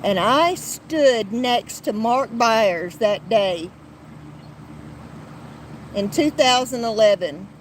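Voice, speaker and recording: Slow, blunt woman podcaster. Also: a little high, animated, a little hiss or hum, poor audio. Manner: blunt and heated, with frequent restarts and profanity. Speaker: podcast host. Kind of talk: casual commentary podcast.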